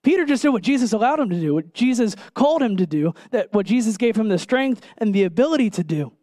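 Preaching a sermon, a man with a high, light voice speaks earnestly and expressively, with a warm tone. He slows down to stress key words and asks his listeners direct questions. The room is dry and close-sounding, with no room sound.

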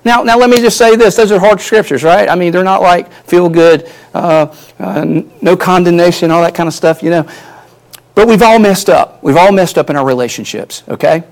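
Male pastor, sermon, earnest, emphatic, somewhat high voice, repeats himself. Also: normal speed. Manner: earnest preaching, rising and falling emphasis, repeats words.

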